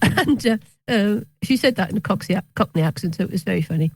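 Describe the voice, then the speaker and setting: A woman, a physician telling stories as an interview guest, hesitant with many pauses and restarts, wry at times. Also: medium pitch, expressive, husky, dry recording, low-quality recording. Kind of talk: conversational storytelling interview.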